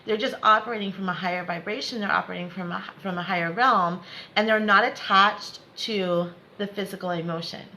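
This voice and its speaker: A woman's voice: mid-range voice, steady tone, fairly quick, sharp tone, a little hiss or hum, rough recording. A woman giving a live spiritual lesson, repeating herself to encourage viewers and laughing often. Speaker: spiritual teacher.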